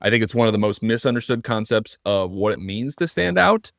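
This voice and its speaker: Earnest low-voiced man co-hosting a podcast. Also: big pitch swings, brisk, gravelly, a bit bright, dry recording, studio quality. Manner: earnest, thinks aloud with restarts. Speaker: podcast co-host. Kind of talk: casual podcast conversation.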